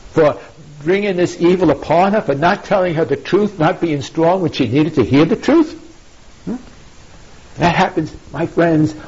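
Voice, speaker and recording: A man's voice: on the high side, a little mellow, breathy edge. A man preaching a sermon, retelling an old story and acting out its lines, often asking "you see?". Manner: storytelling, acts out quotes, rhetorical "you see?". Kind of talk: sermon retelling a classic epic. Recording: dull lo-fi recording.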